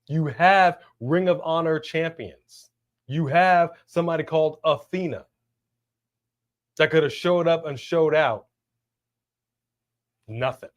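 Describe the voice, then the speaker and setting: A man with a fairly high-pitched voice co-hosts a live wrestling watch-along stream. He reads out viewer messages in a casual, slangy, animated way.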